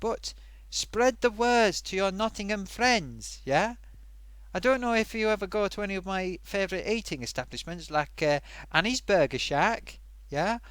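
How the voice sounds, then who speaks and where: Male live-stream host, higher voice, very lively pitch, rambling and self-amused, dry close sound. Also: normal speed, smooth, dry recording. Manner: rambling, chatty, self-amused, many fillers. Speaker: live-stream host reading viewer comments. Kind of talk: casual live-stream chat.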